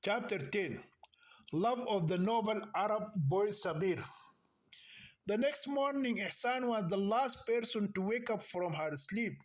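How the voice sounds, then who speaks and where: A man reading a novel aloud as narrator, slowly and carefully, with small restarts. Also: high voice, lively intonation. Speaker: audiobook narrator.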